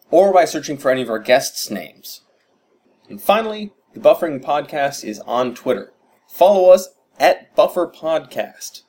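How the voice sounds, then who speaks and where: Podcast host intro, male, brisk and upbeat, average pitch. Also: darkish tone. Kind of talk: scripted show intro with plugs.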